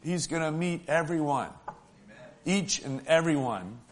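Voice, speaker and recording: A man preaching a sermon, talking in a folksy way to the congregation and swinging between loud, stretched-out lines and soft, hushed ones. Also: a little high, lively intonation, unhurried. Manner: emotional, swells loud then drops soft; folksy, asks the congregation "right?".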